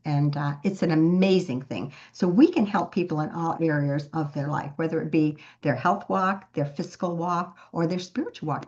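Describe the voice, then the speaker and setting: A woman's voice: fairly low pitch, muffled recording. A woman giving an earnest motivational talk as a business team leader, telling stories and repeating words for emphasis.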